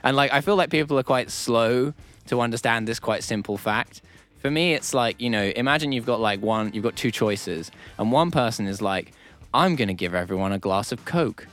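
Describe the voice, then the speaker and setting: A man's voice: medium pitch, normal speed. A young man co-hosting a comedic panel chat, ranting and joking. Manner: ranting, joking, lively delivery. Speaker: co-host.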